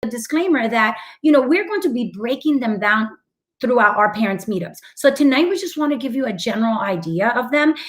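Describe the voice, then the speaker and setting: A woman's voice: fairly high pitch, animated, fairly quick. A middle-aged woman co-hosting a casual parenting talk, speaking with frequent affirmations and fillers. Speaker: co-host of a parenting meetup. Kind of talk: casual instructive chat.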